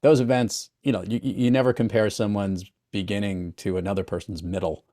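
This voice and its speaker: A man with a fairly low voice hosts an interview podcast. He sounds upbeat and enthusiastic, and he often turns to speak straight to his listeners. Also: fairly even intonation, a little fast, warm tone. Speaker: podcast host. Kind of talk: casual interview chat.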